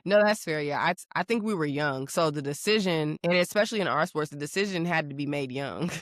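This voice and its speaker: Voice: medium pitch, animated, a little fast, a bit bright, no echo, clean studio sound. A young adult podcast co-host chatting casually, playful and teasing, often laughing. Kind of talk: casual chat.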